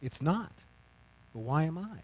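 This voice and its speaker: A middle-aged male pastor telling a story in a sermon, self-mocking and animated, swinging from loud to hushed. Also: on the high side, a little slow, husky.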